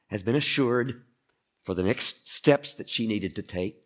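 A male pastor preaching a conversational sermon, often turning to ask the listeners questions. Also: mid-range voice. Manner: conversational, asks the congregation questions.

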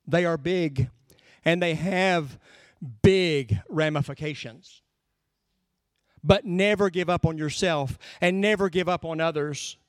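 A pastor giving a sermon, teaching in an earnest, conversational way and slowing down for emphasis. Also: male voice, a little high, no room sound, clean studio sound.

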